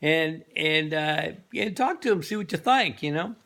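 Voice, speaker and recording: A man's voice: fairly high pitch, lively intonation, measured pace, a bit bright, voice pushed up. A man voicing a laid-back older farmer on his porch swing who talks in an easygoing drawl.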